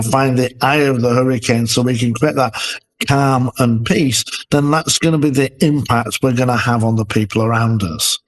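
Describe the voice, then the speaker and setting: A man with a mid-range voice co-hosts a podcast as a leadership expert, talking conversationally with lots of fillers and restarts. The recording is rough.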